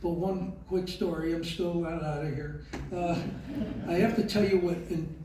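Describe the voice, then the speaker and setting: An older man, speaking slowly and haltingly with many fillers as he tells a heartfelt personal story in an award speech. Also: a little high, fairly even intonation, noisy background. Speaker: award recipient giving a speech. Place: large event hall. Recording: very echoey hall, voice from far off.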